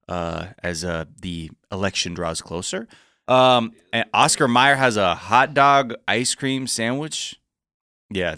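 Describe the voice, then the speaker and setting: A man's voice: on the low side, sharp tone, clean tone, no room sound, studio quality. A man hosting a casual comedy podcast, loose and playful, swearing freely. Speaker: podcast host.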